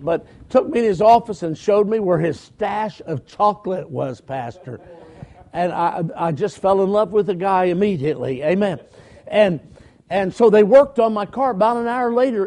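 Preaching at a normal speed, an older man with a high, darkish voice tells folksy stories in a conversational manner, calling for amens throughout his storytelling sermon.

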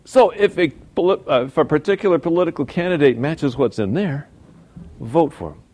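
A man's voice: a little high, lively intonation, moderate pace, a little mellow. A man teaching from the Bible in a folksy, informal way, with asides and mock voices. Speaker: preacher.

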